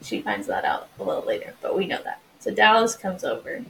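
A woman's voice: medium pitch, big pitch swings, a little fast, gravelly, a bit bright, a little hiss or hum, poor audio. A woman co-hosting a casual book chat, retelling scenes in a chatty way. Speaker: podcast co-host.

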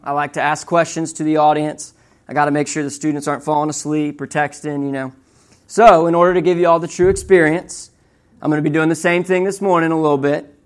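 A man's voice: a little high, a little fast. A young man preaching a sermon in a conversational way, often checking in with the audience with "right?" and telling stories with animation. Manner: conversational, keeps asking "right?"; animated storytelling.

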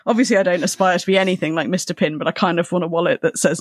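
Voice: medium pitch, fairly even intonation, racing, dry recording. A podcast co-host chatting enthusiastically about a book, swearing casually. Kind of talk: casual chat.

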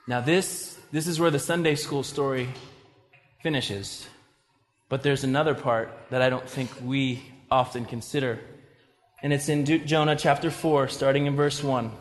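A man's voice: mid-range voice, normal speed, in a large hall. A man preaching a sermon, talking conversationally and acting out scripture stories as he retells them. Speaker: pastor.

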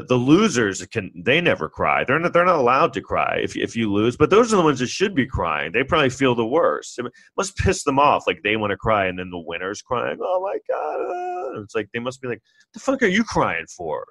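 A New York City man in his forties, with a New York accent, hosts a casual solo podcast, rambling through a self-deprecating monologue and mimicking others in mocking high voices. He talks briskly with few pauses and big pitch swings, in a fairly bright tone on a dry recording.

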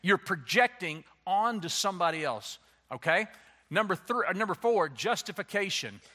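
A man preaching a sermon as a pastor, animated and slipping into playful voices to act out excuses. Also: sits high, normal speed. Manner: animated, acts out quoted excuses in changing voices.

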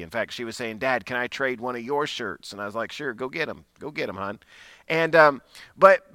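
Bright, crisp-voiced man preaching. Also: medium pitch, no echo. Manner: conversational storytelling, self-deprecating, frequent restarts. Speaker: pastor. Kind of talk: sermon with personal story.

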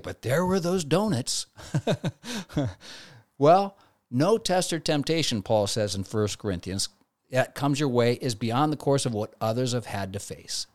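A man's voice: mid-range voice, darkish tone, no echo, clean studio sound. A man giving a conversational devotional talk, now and then acting out quoted inner voices. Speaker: preacher.

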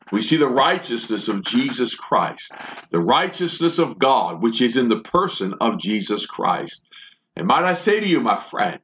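A man's voice: mid-range voice, fairly bright tone, lo-fi sound. A man giving a Bible teaching sermon for a broadcast, fervent and rhythmic, with repeated phrases. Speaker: preacher.

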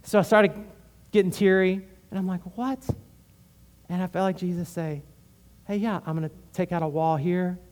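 A man's voice: sits high, fairly even intonation, moderate pace, darkish tone. A man from Houston, a pastor, preaching a conversational sermon full of personal stories and frequent "right?". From Houston, Texas.

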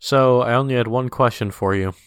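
A man's voice: mid-range voice, fairly quick, smooth, dry recording. A man co-hosting a podcast in casual chat, with a dry, teasing way of talking. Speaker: podcast co-host.

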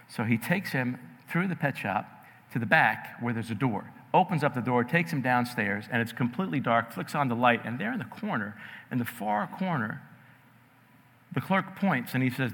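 A man from New York raised in New Jersey, telling a story in a sermon in an animated, conversational way. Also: medium pitch, normal speed. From New York area, raised in New Jersey. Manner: animated, conversational, addresses audience directly. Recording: long reverb in a large hall.

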